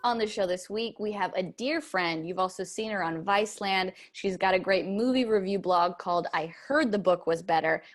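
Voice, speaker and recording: A woman's voice: mid-range voice, moderate pace, few pauses. A woman hosting a comedy show, giving mock-earnest notes in an upbeat, playfully overconfident way.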